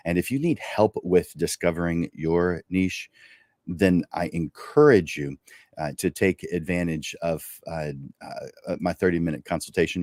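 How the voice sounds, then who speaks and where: Male livestream host, deep voice, earnest coaching tone, dry sound. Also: darkish tone, dry recording. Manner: earnest, coaching, many restarts. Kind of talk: livestream talk to viewers.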